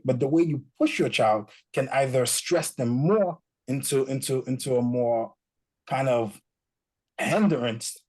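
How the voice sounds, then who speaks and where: On a rough recording, a man with a mid-range, slightly rough voice chats casually as a guest. He switches languages and brings his stories to life by performing quotes from parents and children.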